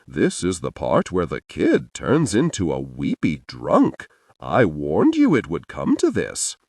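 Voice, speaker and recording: A gruff, sardonic friend who mutters with weary exasperation, played by a male narrator. Low-pitched and dry, with a voice that still rises and falls a lot. Close, unroomy studio sound. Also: wildly swooping pitch, slow pace, a little mellow, dry recording, full character voice. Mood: exasperated. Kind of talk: audiobook character voice.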